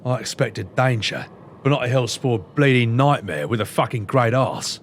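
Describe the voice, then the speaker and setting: A cocky sky pirate captain, as a man voices him over a game, growls his lines lower than his own voice. He swaggers and swears his way through every sentence, and his pitch still swings around as he goes. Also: expressive, moderate pace, slight background noise, natural voice. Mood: swaggering. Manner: swaggering, swears freely, rough slang.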